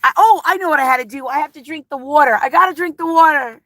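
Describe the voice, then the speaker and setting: Chatty woman streamer, nervous and emotional, rambles between viewer comments; bright edge to the voice. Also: sits high, quick pace, dry recording. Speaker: livestream vlogger. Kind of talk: casual live-chat talk.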